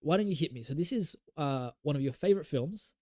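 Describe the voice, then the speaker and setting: Mellow man, eager podcast host. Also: a little high, expressive, a little fast. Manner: enthusiastic, loose and joking. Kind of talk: casual podcast chat.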